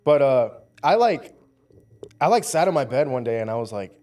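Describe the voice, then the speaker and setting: A young man in his twenties chats as a guest on a casual talk show. He tells his story in an animated way, packed with "like" and "dude". His voice sits at an ordinary middle pitch. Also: normal speed. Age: 20s. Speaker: powerlifter guest. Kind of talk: casual conversation.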